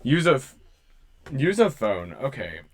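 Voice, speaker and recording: A man hosting a livestream, talking casually and haltingly as he sorts out audio trouble. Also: mid-range voice, sing-song. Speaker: livestream host.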